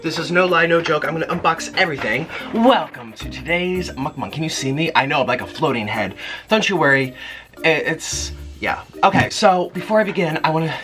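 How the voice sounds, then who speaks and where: A man hosting a food-eating vlog, chatting excitedly with viewers as he unboxes gifts and shows his food. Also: fairly high pitch, fairly quick, soft background music. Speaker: mukbang host. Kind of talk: casual vlog chat while unboxing and eating. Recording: noticeable background noise.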